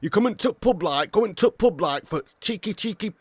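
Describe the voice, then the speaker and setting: A man's voice: high-pitched, lively intonation, normal speed, breathy edge, dry recording, pitched above the performer's own voice. A man voicing a hearty, exaggerated pub-goer with a broad, sing-song drawl. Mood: jolly.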